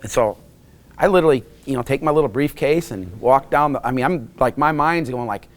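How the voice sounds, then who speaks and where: A man's voice: medium pitch, expressive, brisk. Middle-aged man, from Wisconsin, casual storytelling, rambling, restarts. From Wisconsin, USA. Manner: rambling anecdotes with frequent restarts and acted quotes. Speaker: interviewee.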